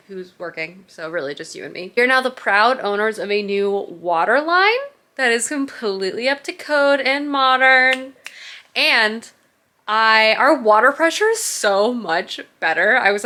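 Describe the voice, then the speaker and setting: Woman book vlogger, bright tone, roomy echo, chatty and gushing. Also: mid-range voice. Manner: chatty and enthusiastic, many "like" fillers. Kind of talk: casual vlog chat. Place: home under construction, indoors.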